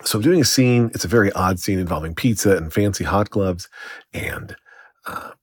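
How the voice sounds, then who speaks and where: A man's voice: low-pitched, moderate pace, husky, dry recording. A young adult man hosting a casual solo podcast, telling a story in a rambly, slightly distracted way. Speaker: podcast host.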